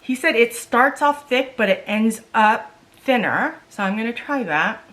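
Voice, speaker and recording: A woman's voice: on the high side, animated, measured pace, a bit bright. A woman beauty vlogger in a casual makeup try-on vlog, chatty and exasperated, talking straight to her viewers.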